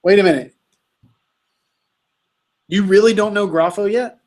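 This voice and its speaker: A man's voice: high-pitched, measured pace, darkish tone. A man tutoring students in Greek grammar, patient and quizzing them on verb forms. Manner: patient, quizzing, says "you tell me". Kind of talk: casual tutoring session.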